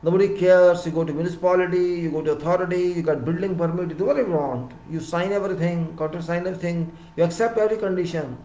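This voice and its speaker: A man with an Indian English accent giving a lecture-style talk on civil engineering, emphatic and repeating words, his voice rising loud and dropping soft. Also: sits high, quick pace, hardly any pauses, roomy sound, low-quality recording.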